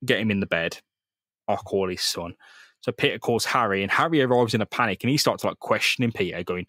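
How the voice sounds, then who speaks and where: A man's voice: fairly low pitch, brisk, a bit bright, no echo, studio quality. A man co-hosting a casual comic-book podcast, recapping scenes animatedly, swearing freely and acting out the characters' lines. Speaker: podcast co-host.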